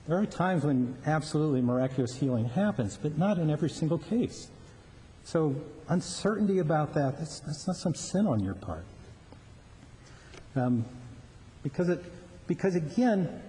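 A man's voice: medium pitch, dark tone. A male pastor preaching a sermon in an earnest way, often repeating words as he restarts a thought, in a large hall. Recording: long reverb with faint background noise.

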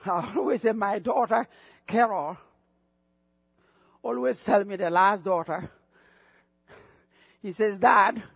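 A middle-aged man from Africa with an African accent, preaching a sermon as pastor, excitable and bursting into shouts, often repeating phrases. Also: high voice, slow, gravelly, long pauses, husky, no room sound.

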